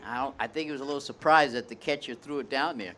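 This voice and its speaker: Male color commentator, folksy and reactive, bright edge to the voice. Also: medium pitch, slight background noise. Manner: folksy, conversational, quick to react. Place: outdoor baseball stadium.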